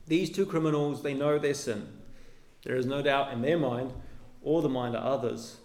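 A man preaching a sermon as pastor, earnest, with his voice dropping low and soft at the ends of phrases. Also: normal speed, echoey room. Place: church.

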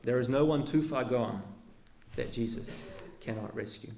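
A man preaching a sermon as pastor, earnest, with his voice dropping low and soft at the ends of phrases. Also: normal speed, vocal fry, roomy sound, crowd noise. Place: church.

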